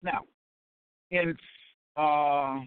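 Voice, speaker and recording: A man giving a sermon-style Bible lesson, deliberate and repetitive, often stopping to check that listeners follow. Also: a little high, steady tone, smooth, no room sound. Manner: deliberate and repetitive, with many fillers and check-ins. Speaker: Bible teacher. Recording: tinny phone-like line, dry.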